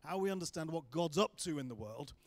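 A man's voice: on the high side, expressive, fairly quick. A man giving a guest sermon in a church hall, chatty and joking with asides. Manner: jokey and chatty, self-deprecating asides. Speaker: guest preacher.

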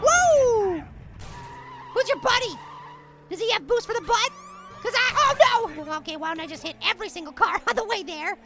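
A super high squeaky little apple dude, gravelly edge, hyper and yelling at his game. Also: lively intonation, moderate pace, faint music behind, exaggerated voice. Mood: excitable. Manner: hyper, exclaiming, talks to viewers. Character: tiny excitable male apple gamer. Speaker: let's play host. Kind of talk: let's play commentary.

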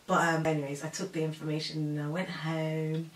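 A woman's voice: deep voice, a little fast, slight background noise. Chatty young woman, roomy distant sound. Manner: animated, chatty, full of fillers and acted-out quotes. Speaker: storyteller guest. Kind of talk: casual chat.

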